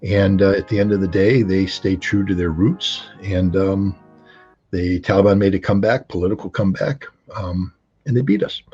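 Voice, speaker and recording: A man speaking as a guest commentator on a live call-in show, measured and reflective in long unhurried stretches. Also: deep voice, fairly even intonation, darkish tone, breathy edge, highs cut off, faint music behind.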